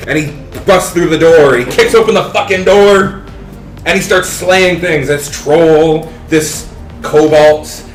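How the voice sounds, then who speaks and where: A man narrating a tabletop game as game master in a profane, animated storytelling manner, in an echoey room with background music. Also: on the high side, takes it slowly.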